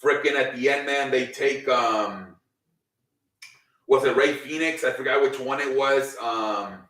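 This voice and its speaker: A wrestling show recap host rambles through last night's wrestling at an unhurried pace, packing in "um"s and swearing freely. His mid-range voice is bright and forceful. Sitting back from the mic in a roomy space, he's recorded from a distance, so his words echo.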